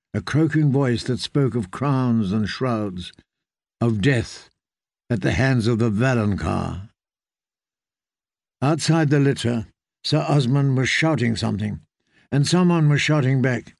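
Male audiobook narrator, measured delivery, gravelly texture, dry sound. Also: medium pitch, no room sound. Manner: measured, even storytelling.

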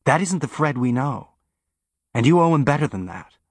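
A man voicing a calm, steady woman who is a spaceship engineer, speaking in a measured, gently firm way. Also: mid-range voice, no room sound, lightly acted.

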